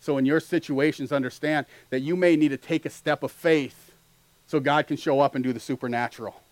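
Man, pastor, sermon, high voice, dry close sound, earnest, rises to loud peaks. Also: fairly quick, dry recording, low-quality recording. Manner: earnest preaching, climbing to loud animated peaks.

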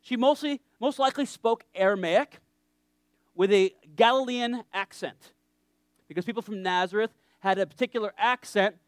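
A man's voice: high-pitched, moderate pace, clear, resonant tone, dry recording, clean studio sound. A man preaching a sermon in a conversational, joking way, often checking in with his listeners.

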